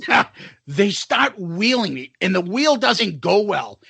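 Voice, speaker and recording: In a casual storytelling chat, a man tells his podcast co-host a profane story, acting out each person he encounters. His voice is raspy, high and lively, and he takes his time; the recording is close and dry with no echo.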